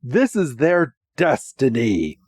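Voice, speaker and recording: A man's voice: mid-range voice, wildly swooping pitch, slow pace, breathy edge, no room sound, studio quality, exaggerated voice. A man voicing a smug, greedy male creature hunter who gloats, quoted during a podcast recap. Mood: gloating.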